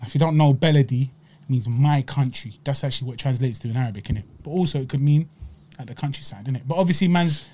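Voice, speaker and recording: A man's voice: medium pitch, fast talker, dark tone. A man, originally from Egypt, hosting a podcast in chatty, slang-heavy casual talk. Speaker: podcast host. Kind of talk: casual chat, food review.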